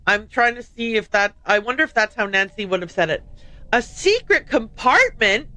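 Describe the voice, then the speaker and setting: A woman's voice: medium pitch, a little fast, sharp tone, no echo. A woman streaming a video game, chatting casually and playfully repeating dialogue lines aloud to try them out. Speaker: livestream host playing a game.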